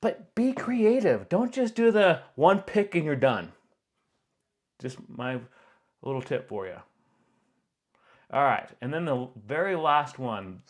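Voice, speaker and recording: A man's voice: on the high side, slow pace, pauses often. Chatty man reacting to clips. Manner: chatty, animated, laughs along while commenting. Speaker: photographer and video host. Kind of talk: casual reaction commentary.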